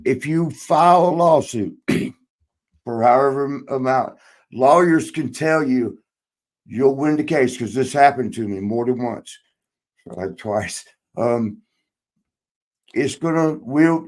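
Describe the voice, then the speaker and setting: A man in his sixties, a podcast host and former wrestler, telling road stories in a rambling, profane way, laughing often and acting out quotes. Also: medium pitch. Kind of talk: casual storytelling chat.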